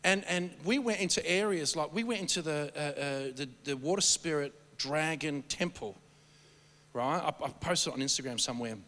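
A man preaching and telling stories, rambling and animated, often stammering and restarting his sentences. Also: fairly high pitch, normal speed. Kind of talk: sermon storytelling. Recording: long hall reverb.

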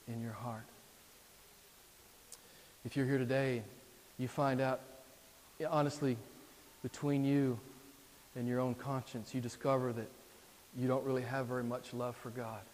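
A man's voice: medium pitch, little pitch movement, measured pace, long pauses, slight background noise. Male preacher in a reverberant hall. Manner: emphatic, repetitive, swings between loud and hushed. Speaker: pastor. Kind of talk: sermon. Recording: long reverb in a large hall.

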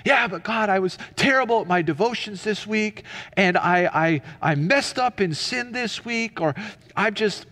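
A man's voice: a little slow, fairly bright tone. A man preaching, playing an anxious, self-doubting believer who pleads and stammers in a raised voice. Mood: pleading. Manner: pleading, stammering, higher-pitched.

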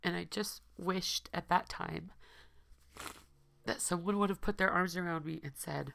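A woman podcast host speaking earnestly and tearfully to her listeners, her voice hoarse, repeating phrases for emphasis. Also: on the low side, measured pace, fairly bright tone. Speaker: podcast host and recovery coach. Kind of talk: heartfelt personal address to listeners.

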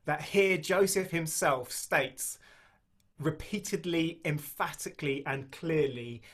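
A man preaching a sermon and reading scripture aloud, slowing down to stress key phrases and speaking conversationally with small restarts. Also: a little high, fairly bright tone.

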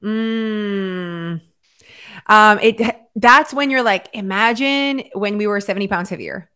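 A woman hosting a casual chat about weight loss and sleep, talking fast with lots of "like". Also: medium pitch, sharp tone, clean tone. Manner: chatty, lots of filler "like". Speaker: host.

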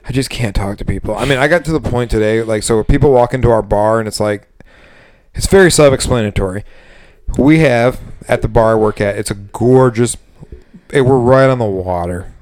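A man's voice: a little fast, darkish tone, dry recording, studio quality. A man co-hosting a podcast, venting about bartending with lots of swearing and mimicking customers. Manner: profane venting, mimics customers in high voices. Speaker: podcast co-host. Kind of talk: casual chat.

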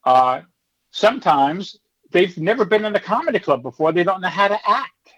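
The recording is lo-fi, capturing a man whose voice sits high and whose pace is moderate. He's in his fifties, once a stand-up comic, and in this relaxed interview he animatedly acts out the people in his stories, voicing hecklers in character.

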